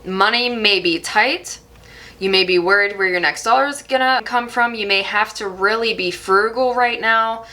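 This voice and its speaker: Woman tarot reader, bright tone, gentle reassuring delivery. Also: mid-range voice, moderate pace. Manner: soft, reassuring, reflective. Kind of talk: channeled tarot reading.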